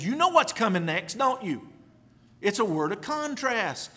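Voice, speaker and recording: Lively high-voiced man preaching a sermon. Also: a little slow. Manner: emphatic, repeats key words, reads scripture in old English. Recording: long reverb of a large hall.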